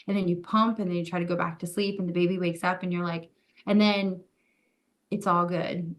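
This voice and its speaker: A woman sits in as a podcast guest, telling her story in relaxed conversation. Her voice sits low and stays level in tone. She thinks aloud, hedging with fillers and quoting her own inner talk. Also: a little fast. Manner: candid, reflective, many fillers and acted-out quotes. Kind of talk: casual interview chat.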